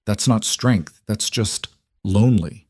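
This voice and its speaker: A man playing a patient, gentle single father who speaks calmly and softly. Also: lowish voice, slow pace, slightly rough, no echo, clean studio sound. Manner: calm, soft-spoken.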